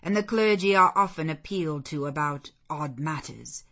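A woman voicing a grave, reserved male clergyman who speaks in a measured, evasive way. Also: low-pitched, lively intonation, a bit bright, exaggerated voice.

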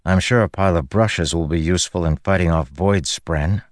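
A man's voice: deep voice, moderate pace, no echo, studio quality, close to an everyday voice. A man voicing a blunt, grim young soldier who speaks tersely.

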